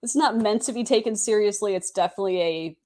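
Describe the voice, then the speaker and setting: A woman guest author chatting over a video call, excitable and gushing, laughing often. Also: mid-range voice, fast talker. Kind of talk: casual interview chat.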